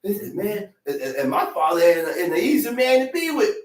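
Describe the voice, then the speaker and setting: A woman's voice: medium pitch, big pitch swings, fairly quick. A woman preaching a sermon with emphatic call-and-response delivery, repeating her lines for weight. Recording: echoey room from far off.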